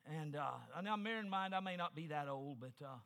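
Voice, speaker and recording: A man's voice: on the high side, animated, a little fast, creaky, fairly bright tone. An older man from New Mexico preaching an emphatic revival sermon as guest preacher, with personal stories and repeated calls to the listeners.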